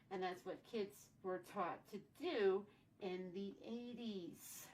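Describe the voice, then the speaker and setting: A woman's voice: mid-range voice, fairly even intonation, slow pace. A woman in her forties tells a childhood story in a casual vlog, rambling and repeating her phrases as she goes. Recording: distant mic, faint background noise.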